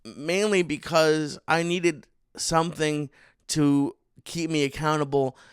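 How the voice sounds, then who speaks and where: A man's voice: fairly high pitch, steady tone, slow pace, clear, resonant tone, no echo, studio quality. A man hosting a podcast in casual chat, giving brief encouraging replies and joking with his guest. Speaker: podcast host.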